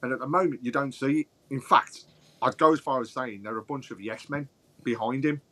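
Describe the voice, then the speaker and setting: A man with a mid-range voice talks through his football opinions at length. He speaks in a steady, considered way on a podcast panel. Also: mid-range voice. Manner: measured, explains his points at length. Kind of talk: casual football chat.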